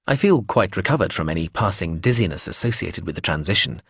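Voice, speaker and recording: A man with a low, husky voice reads a first-person audiobook in a wry, fretful way. His pitch moves a lot, and the recording is dry and close. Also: animated, fast, a bit bright, dry recording. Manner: wry, fretful inner monologue. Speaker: audiobook narrator.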